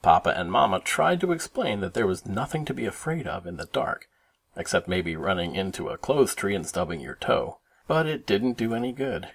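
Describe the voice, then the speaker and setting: Gravelly, animated storybook reader, man. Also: fairly low pitch, normal speed. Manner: expressive, animated read-aloud. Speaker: parent reading aloud. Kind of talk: children's storybook narration.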